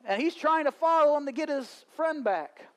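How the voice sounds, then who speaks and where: A pastor delivers a sermon at a live church service, moving from storytelling into fervent preaching. His voice sits notably high for a man. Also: lively intonation, moderate pace.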